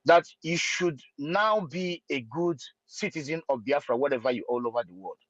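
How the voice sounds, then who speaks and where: A man's voice: a little high, lively intonation, moderate pace, dry recording, muffled recording. A man speaking in an online audio room, talking with passion and many hesitations and restarts. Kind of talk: impassioned political talk.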